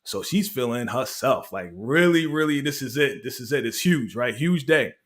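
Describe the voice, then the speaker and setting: A man's voice: mid-range voice, expressive, moderate pace, a bit bright. A man hosting a casual show recap, telling it like a story in slangy talk and laughing often. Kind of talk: casual review chat.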